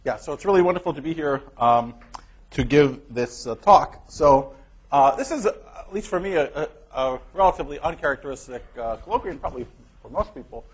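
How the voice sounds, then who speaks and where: A man gives an academic colloquium in a lecture hall, speaking with lots of energy and emphasis. His voice sits fairly high. The recording is dull and lo-fi. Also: brisk. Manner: energetic, emphatic, laughing at his own remarks. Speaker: guest lecturer. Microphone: clip-on microphone.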